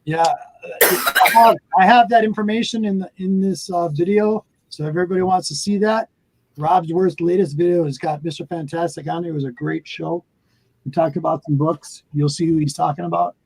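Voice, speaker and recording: A man hosting a casual online panel chat, quick with affirmations and plugs. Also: high voice, fairly even intonation, creaky, no echo, low-quality recording. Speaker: host.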